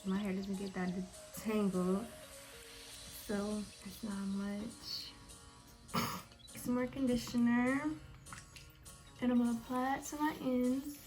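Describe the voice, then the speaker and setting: A woman's voice: a little high, level tone, takes it slowly, pauses often, darkish tone, faint music behind. A young woman chatting casually to her viewers as she walks them through her hair-care routine. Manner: chatty, talks straight to viewers. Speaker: beauty vlogger.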